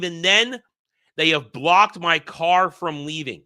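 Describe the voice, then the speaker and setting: A man's voice: fairly high pitch, a little slow, pushed and bright, clear, resonant tone. A man hosting his own channel, telling a long dream story in a rambling, heated way with many restarts. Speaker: channel host. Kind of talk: casual solo monologue recounting a dream.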